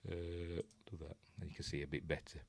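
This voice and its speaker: Speaking fairly quickly in a low, creaky voice with a level tone, a man from Yorkshire runs a relaxed film review livestream. He rambles and chuckles his way through viewer comments.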